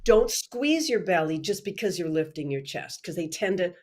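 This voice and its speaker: A woman teaching singing technique in a live online workshop, chatty and animated with frequent restarts. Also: lowish voice, moderate pace.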